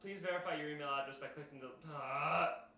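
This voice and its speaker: Young male streamer, bright raised voice, meandering casual chat with fillers, echoey room. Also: fairly high pitch, fairly even intonation, brisk. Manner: rambling, many fillers and restarts, addressing chat. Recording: roomy echo with faint noise.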